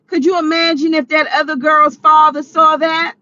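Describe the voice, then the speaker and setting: A woman vlogger delivering ranting commentary, animated and exclaiming, often laughing. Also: sits high, moderate pace, hardly any pauses, dry recording, highs cut off.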